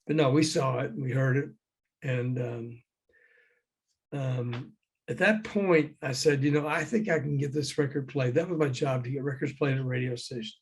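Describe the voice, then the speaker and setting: An older man, a former record promoter, telling lively anecdotes as an interview guest over a video call, acting out the people he quotes. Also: medium pitch, normal speed, husky. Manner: lively raconteur who acts out the people he quotes.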